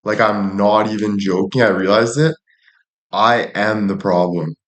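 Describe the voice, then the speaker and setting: Guy streaming live, kinda low voice, cursing and joking, lots of room echo. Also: fairly even intonation, unhurried. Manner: joking, swears freely, thanks viewers by name. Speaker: livestreamer. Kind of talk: casual livestream chat. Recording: echoey room.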